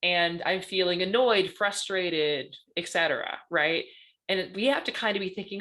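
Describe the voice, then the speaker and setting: A woman's voice: lowish voice, normal speed, a bit bright. A woman giving a conversational presentation as a guest panelist, often checking in with "right?". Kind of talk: presentation talk.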